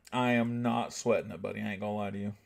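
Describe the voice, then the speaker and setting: This time the young Southern US streamer sounds lowish and creaky, speaking briskly with fairly even intonation. He keeps up a casual, joking, laid-back chat with viewers as he streams a game.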